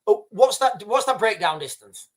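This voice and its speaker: A man's voice: high-pitched, lively intonation, normal speed. A man hosting a livestream, giving blunt, emphatic advice to his viewers, repeating his points with many restarts. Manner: frequent restarts and fillers. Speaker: livestream host.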